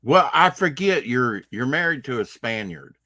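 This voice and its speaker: A man's voice: mid-range voice, very animated, normal speed, bright, forceful tone, no echo, clean studio sound. A man co-hosting a podcast, chatting casually in a rambling, teasing way. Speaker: podcast co-host. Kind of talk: casual chat.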